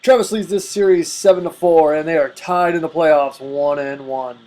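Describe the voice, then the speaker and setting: A man hosting a fantasy football playoff show in a hammy mock wrestling-announcer style, swinging his voice from low to high. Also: moderate pace, dark tone, rough recording. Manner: exaggerated, swings between low and high pitch.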